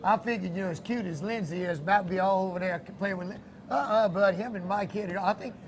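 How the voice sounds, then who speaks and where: Folksy high-voiced man. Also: fast talker, a little hiss or hum. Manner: folksy, storytelling, laughs easily. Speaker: fishing show co-host. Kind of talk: casual chat about a fishing trip.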